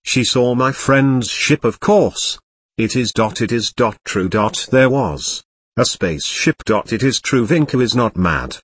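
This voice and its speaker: A man's voice: medium pitch, lively intonation, a little slow, a bit bright, slight background noise. A man voicing a fretful middle-aged aunt who is easily shocked, speaking in a flustered way in a read-aloud story.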